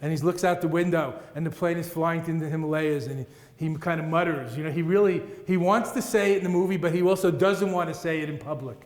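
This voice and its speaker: Male Buddhist teacher, middle-aged, playful and rhythmic, slightly high voice, hall reverb. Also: fast, hardly any pauses, a little mellow. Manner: playful, rhythmic, laughs at his own jokes. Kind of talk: dharma talk to an audience. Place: large meeting room with audience. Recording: echoey hall, roomy reverb.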